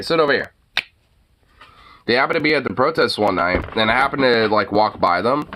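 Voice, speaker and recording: A man's voice: mid-range voice, fairly bright tone, a little hiss or hum. A man hosting a casual talk show, ranting in a profane, rambling way full of fillers. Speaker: host. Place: lives in Portland.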